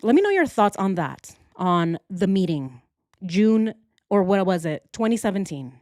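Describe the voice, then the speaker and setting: A woman's voice: medium pitch, big pitch swings, a little slow, a little mellow, no echo, clean studio sound. A woman hosting a casual livestream, joking with her chat and thinking aloud as she works through a timeline. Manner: playful, jokey, addresses chat directly. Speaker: true crime livestream host.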